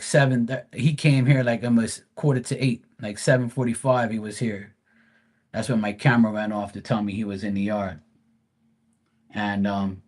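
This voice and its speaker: On a live stream, a man with an ordinary pitch and a somewhat dark tone tells a casual anecdote. He's blunt and swears freely, rambling, restarting sentences and circling back.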